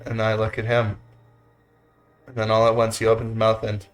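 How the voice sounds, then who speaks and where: A man hosting a let's play, reading the narration of a visual novel aloud in a steady voice. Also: fairly low pitch, normal speed, long pauses, faint music behind. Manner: steady narration with goofy joking asides.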